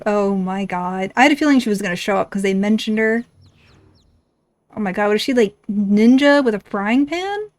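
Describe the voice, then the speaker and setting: A woman streaming a game, reacting in excitable, foul-mouthed casual commentary. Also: medium pitch, normal speed, dry recording. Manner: excitable, swearing, laughing reactions.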